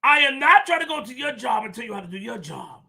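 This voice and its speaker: A high, animated man hosting a livestream, veering from low mutters into full shouts. His voice is bright and tense, with a gravelly edge. He repeats himself hard for emphasis. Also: quick pace. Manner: repetitive, emphatic. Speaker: show host. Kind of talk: livestream rant to viewers.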